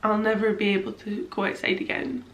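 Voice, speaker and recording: A woman's voice: mid-range voice, fairly even intonation, a little fast, reverberant, poor audio. A young woman, tearfully telling a personal story to camera in a rambling way, full of fillers. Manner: rambling, many fillers, quotes her own thoughts. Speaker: vlogger.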